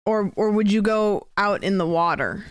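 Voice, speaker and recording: Smooth-voiced woman streamer chatting. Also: mid-range voice, normal speed, dry recording, clean studio sound. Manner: rambling, chatty with viewers. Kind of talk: casual gameplay chat.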